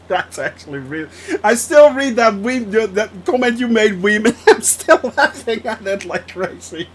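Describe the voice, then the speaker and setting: Young male streamer, high voice, slow unhurried talk, keeps breaking into laughter while reading chat. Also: lively intonation, slight background noise. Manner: laughs often, reacts to chat. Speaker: flight sim streamer. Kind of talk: casual live-stream chat.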